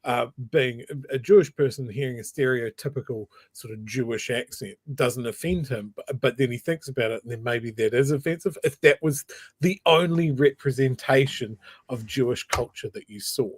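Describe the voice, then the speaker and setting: A man's voice: medium pitch, normal speed, breathy edge, no echo. A male co-host, telling a story in a casual chat with many restarts.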